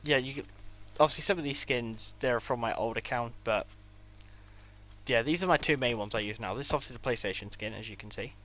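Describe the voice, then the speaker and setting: A man's voice: medium pitch, brisk, a bit bright, slight background noise. A man giving a casual, rambling tour of his game builds, with offhand delivery and dry sarcastic asides. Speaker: gaming creator.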